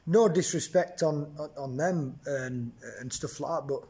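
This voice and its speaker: A boxer talks bluntly in a relaxed interview. His voice sits a little high, and he stumbles and repeats words as he makes his points. He tags his lines with "innit" and "isn't he". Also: unhurried. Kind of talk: casual interview chat.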